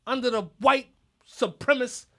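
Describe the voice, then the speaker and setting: A middle-aged man hosting a podcast in a loud, animated comedic rant, often shouting. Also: very high-pitched, moderate pace. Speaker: podcast host.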